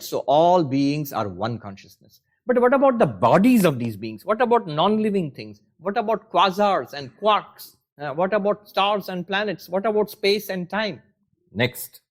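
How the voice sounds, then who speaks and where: High-voiced man teaching scripture. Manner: conversational, wry, poses rhetorical questions. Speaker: spiritual teacher. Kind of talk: lecture on scripture.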